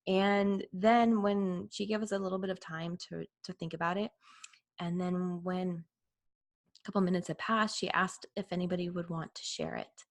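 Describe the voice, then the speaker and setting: A woman, hosting a parenting podcast in a chatty, animated storytelling manner. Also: mid-range voice. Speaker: parent coach and podcast host. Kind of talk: casual podcast monologue.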